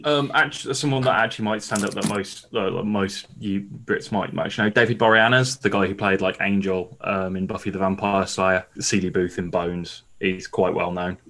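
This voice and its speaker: A man with a fairly low voice chats as a podcast co-host. He fills his talk with "like" and reacts strongly to what he hears. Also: steady tone, moderate pace, few pauses, fairly bright tone. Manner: chatty, lots of "like", strong reactions. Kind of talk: casual podcast chat.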